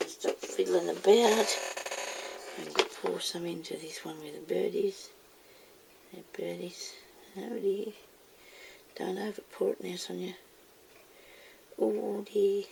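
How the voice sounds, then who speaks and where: A woman's voice: on the low side, flat delivery, slow, vocal fry, long pauses, background noise. A woman chatting casually as she demonstrates making moulds, talking herself through each step and scolding herself by name. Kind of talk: casual how-to video.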